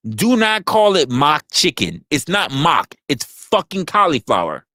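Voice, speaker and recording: Brief: male podcast host, loud opinionated rant, profane, repetitive, animated pitch, dead-dry mic. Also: a little slow, hardly any pauses, no room sound. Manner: profane, emphatic, repeats himself.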